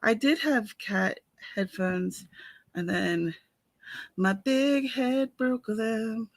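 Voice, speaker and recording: Woman chatting slow on a writing livestream, bit of fry in her voice, eye bugging her. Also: a little high, no echo. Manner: chatty, friendly, greets viewers by name. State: irritated watering eye. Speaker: author and livestream host. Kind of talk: casual livestream chat. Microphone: headphones with mic.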